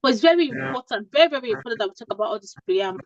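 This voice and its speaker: A high-pitched woman from Nigeria coaches nurses through interview prep in an emphatic, repetitive way, often checking in with "okay?". The recording sounds dry and a little dull. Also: expressive, very fast, dry recording. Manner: emphatic, repeats points, asks "okay?". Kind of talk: informal advice talk.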